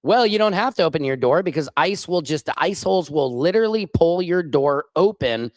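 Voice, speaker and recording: A man from the United States hosting a political livestream, ranting with heat and plenty of profanity. His pitch swoops up and down, and he stops often to answer viewer comments aloud. The sound is dry and close, with no room echo. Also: lively intonation, a little fast, a little mellow. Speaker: livestream host.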